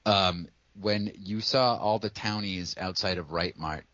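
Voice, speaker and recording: A man's voice: low voice, a little slow, a bit bright, no room sound, dull audio. A man from Massachusetts co-hosting a podcast, chatting about a movie in a profane, jokey way. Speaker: podcast co-host. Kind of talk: casual movie chat.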